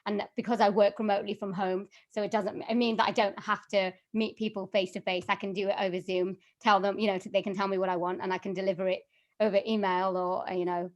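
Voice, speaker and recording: A woman's voice: medium pitch, fast talker, highs cut off. A woman being interviewed on a podcast, speaking casually and with animation, with plenty of fillers and laughs. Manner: chatty and animated, laughs often, many fillers. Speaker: guest, voiceover artist and singer.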